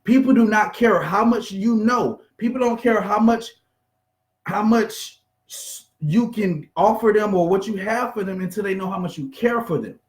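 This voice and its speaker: A man giving an energetic, conversational motivational business talk, acting out bits of small talk. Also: high voice, normal speed, echoey room. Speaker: business coach.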